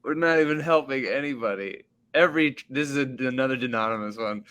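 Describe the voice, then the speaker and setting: A man's voice: mid-range voice, quick pace, few pauses, fairly bright tone, smooth. Giggly man riffing on a podcast. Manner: laughs often, loose rambling storytelling with many fillers. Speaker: podcast co-host and stand-up comedian. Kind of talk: casual comedy podcast chat.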